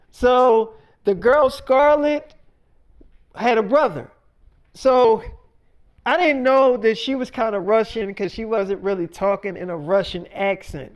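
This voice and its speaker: A man's voice: high-pitched, smooth. A man telling a made-up story in a casual, freestyle way, acting out dialogue with lots of "I'm like".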